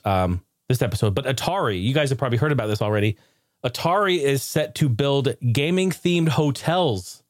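A man's voice: medium pitch, no room sound, studio quality. A man hosting his own podcast, telling a rambling funny story and laughing often, then running through the show's housekeeping. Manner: loose, rambling, laughs a lot, mimics shouting neighbor. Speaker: podcast host. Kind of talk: casual solo podcast storytelling.

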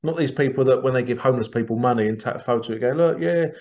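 A man's voice: mid-range voice, fairly even intonation, racing, highs cut off. A man hosting a podcast, talking earnestly in a rambling, repetitive monologue. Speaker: podcast host. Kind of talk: casual monologue.

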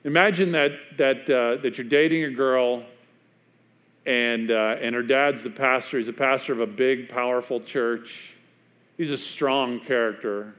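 A pastor tells a story during his sermon, leaving long pauses and dropping to a hushed, quiet voice for emphasis. His voice is medium in pitch, with fairly even intonation.

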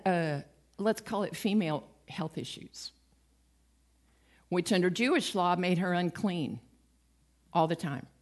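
A woman giving a conversational sermon, retelling stories with acted-out quotes and a light, self-mocking humor. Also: fairly low pitch. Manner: lively storytelling, acts out quoted voices, laughs at herself. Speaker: preacher.

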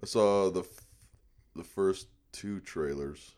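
A man's voice: sits low, slow, darkish tone. A man co-hosting a podcast in casual chat, easygoing and often answering briefly.

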